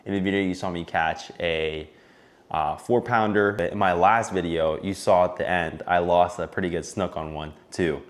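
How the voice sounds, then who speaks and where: A man with a very low voice wraps up his video in a relaxed, conversational way, chatting through a quick promotion. His delivery is easygoing and unhurried. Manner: relaxed, chatty, plugs a bait maker. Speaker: vlog host. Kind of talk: casual sponsor shout-out.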